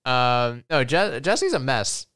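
Low-voiced, dry-witted woman co-host. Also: sing-song, slow pace, fairly bright tone, clean tone. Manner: dry, teasing humor. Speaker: podcast co-host. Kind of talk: casual recap chat.

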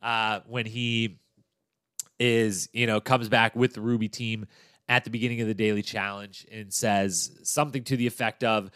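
A man's voice: lowish voice, little pitch movement, moderate pace, a bit bright, clean tone, dry recording, clean studio sound. A man hosting a podcast, chatting casually through a recap of a TV episode in an upbeat, loose way with fillers and restarts. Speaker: podcast host.

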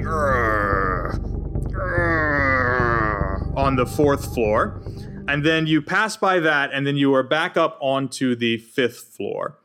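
A man's voice: mid-range voice, a bit bright, clear, resonant tone. A man narrating a tabletop role-playing game as game master, in an easygoing, descriptive way.

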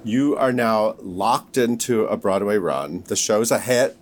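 A man's voice: lowish voice, measured pace, slight background noise. A man interviewing a stage actress in an enthusiastic, chummy way. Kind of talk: casual interview chat.

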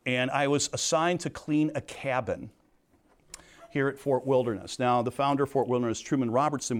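A middle-aged man teaching a sermon in earnest, storytelling fashion, moving between soft asides and emphatic points. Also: mid-range voice. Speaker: Bible teacher.

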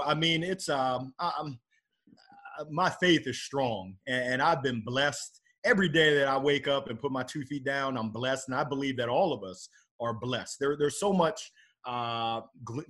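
A man's voice: on the high side, pushed and bright. A middle-aged man speaking as a podcast guest in a casual, upbeat and motivational way about faith and his work.

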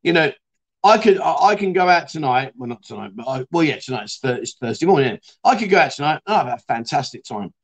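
A man's voice: fairly high pitch, expressive, fast. A middle-aged man hosting a casual livestream chat show, talking matily and reading out viewer comments. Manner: chatty, matey, reads out viewer comments. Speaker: livestream host.

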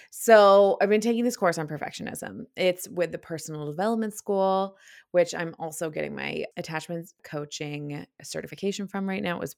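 A woman's voice: lowish voice, no room sound, clean studio sound. A young adult woman hosting a casual solo podcast, a little out of breath, chatty and candid, laughing often and swearing casually. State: slightly out of breath. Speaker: podcast host.

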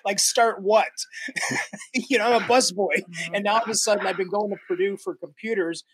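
An older man from the American Midwest tells stories as a podcast guest, laughing and acting out what people said. His voice sits a little high for a man. The sound is dry and close, with no room around it. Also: normal speed, slightly rough, dry recording. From Midwestern United States. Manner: animated, laughs through stories, acts out quotes. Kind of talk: casual storytelling.

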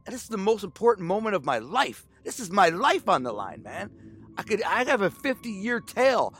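A man's voice: high voice, very animated, normal speed, fairly bright tone. A man in his forties telling a candid personal story in casual, slangy speech, quoting the people involved. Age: 40s. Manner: casual, slangy, emotional retelling with quoted dialogue.

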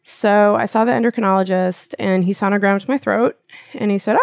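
Woman, animated storyteller, everyday analogies, dry close sound. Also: mid-range voice, fairly quick, no room sound. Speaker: acupuncturist guest. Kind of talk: casual interview conversation.

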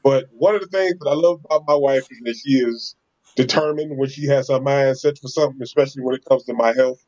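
A man's voice: mid-range voice, fast. Guy telling a story on a podcast, laughs a lot, mid voice, kinda dull lo-fi sound. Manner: animated, laughs often, acts out quotes. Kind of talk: casual storytelling chat.

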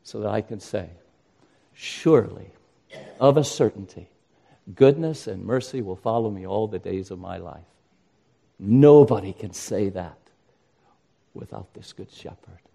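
A man's voice: fairly low pitch, normal speed, creaky, warm tone. An older man preaching a sermon as pastor, earnest and rising to impassioned emphasis.

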